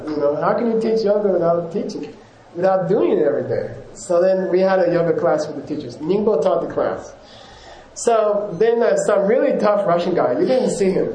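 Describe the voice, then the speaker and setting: A man's voice: high voice, expressive, fairly quick, warm tone, echoey room, low-quality recording. A man, a yoga teacher, giving a casual rambling talk to his class, often chuckling and correcting himself.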